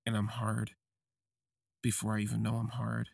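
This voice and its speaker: A young adult man hosting a podcast, telling a confessional first-person story in slow, halting, reflective phrases. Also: on the low side, completely flat delivery, creaky, a little mellow, no echo, clean studio sound. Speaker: podcast host.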